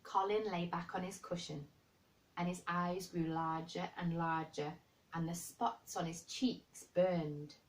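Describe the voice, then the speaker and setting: Slow, low-voiced woman reading a storybook. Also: fairly even intonation, distant mic, poor audio. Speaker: storyteller reading a children's novel. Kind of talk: book reading aloud.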